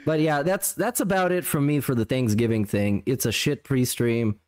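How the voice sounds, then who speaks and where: A man's voice: mid-range voice, normal speed, a little mellow. A man co-hosting a podcast in casual chat, dismissive and critical. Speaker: podcast co-host.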